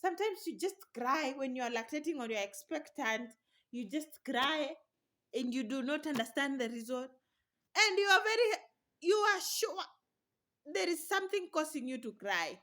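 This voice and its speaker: A woman's voice: high voice, lively intonation, normal speed, fairly bright tone. A young woman talking casually to camera in her vlog, chatty and encouraging, laughing often. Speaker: vlogger.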